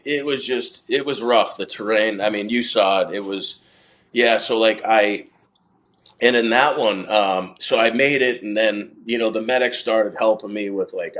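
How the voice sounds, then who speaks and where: A man in his thirties, a podcast guest, telling a story in a casual interview, earnest and emotional, halting with many fillers. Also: fairly low pitch, fairly bright tone.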